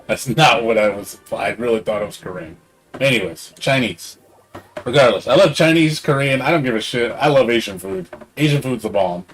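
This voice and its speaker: A man's voice: mid-range voice, animated, normal speed, soft background music. A middle-aged man streaming a game, rambling in casual chat and swearing freely. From Hispanic background.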